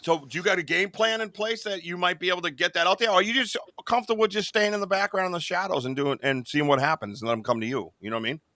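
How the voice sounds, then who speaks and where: A man's voice: high voice, quick pace, hardly any pauses, sharp tone, dry recording. A man hosting a podcast in casual chat, rambling with lots of "you know what I mean.". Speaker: podcast host.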